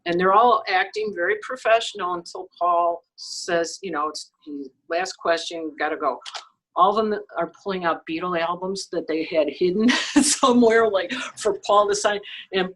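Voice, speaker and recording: A woman with a lowish voice talks at a normal pace over a low-quality recording. As a photographer appearing on an interview show, she tells a story casually, laughing often, acting out quoted lines, and leaning on "you know" and "okay."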